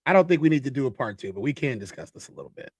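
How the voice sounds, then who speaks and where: A man comments on a clip in a casual, incredulous way, and his pitch swings a lot as he reacts. The sound is close and dry. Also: sing-song, rapid-fire, darkish tone, breathy edge, no echo, lo-fi sound.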